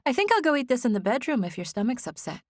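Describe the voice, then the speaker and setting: A cheerful, chatty young woman, the sister, with a high and lively voice, as the narrator puts her on. The audiobook sound is dry and close. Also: fast, no room sound. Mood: concerned.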